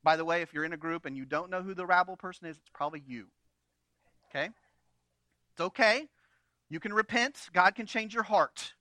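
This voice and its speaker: A man preaching a sermon in a conversational, animated way, with humorous asides. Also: sits high, fairly quick, long pauses, no echo. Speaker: pastor.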